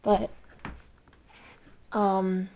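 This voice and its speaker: A woman vlogging in a casual, chatty way, excitable and rambling, giggling often and using many fillers. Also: medium pitch, extremely slow, a little hiss or hum.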